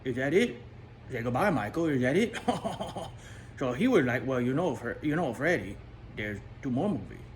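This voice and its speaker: A man's voice: medium pitch, big pitch swings, moderate pace, natural voice. A talkative male toy pup spins a comic story, as a man puts him on. His voice swoops up and down, full of repeated words and chuckles, and there is a faint hum of room ambience behind. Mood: chatty. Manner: rambling, repeats words, laughs at own jokes. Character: chatty male toy dog, jokey and rambling. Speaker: storyteller host.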